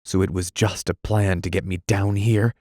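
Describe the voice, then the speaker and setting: A man's voice: deep voice, level tone, moderate pace, a little mellow, no echo, studio quality, natural voice. A man reading an audiobook voices a weary young soldier who speaks in a bitter, clipped way. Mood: angry.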